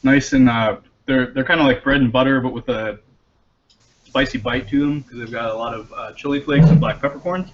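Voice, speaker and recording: A man casually describing homemade pickles on a cooking stream, relaxed with many fillers. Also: mid-range voice, fairly quick. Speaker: cook on a stream. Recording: dull lo-fi stream audio.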